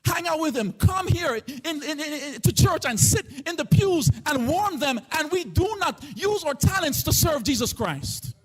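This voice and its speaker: A man preaching a live church sermon as pastor. He delivers it with passion in a sing-song chanting cadence, swinging between shouting and hushed tones. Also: extremely high pitch, sing-song, a little slow, hardly any pauses. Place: church sanctuary.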